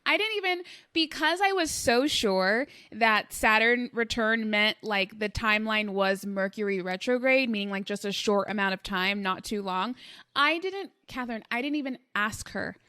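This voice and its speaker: Young woman podcast host, higher voice, animated storyteller, chatty with fillers, dry close-mic sound. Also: normal speed, clear, resonant tone, dry recording. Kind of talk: casual conversational interview.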